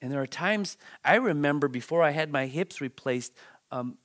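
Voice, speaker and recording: A man preaching a Bible-teaching sermon, dramatic and halting, repeating words and restarting as he swings between loud outbursts and hushed near-whispers. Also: fairly high pitch, expressive. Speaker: pastor.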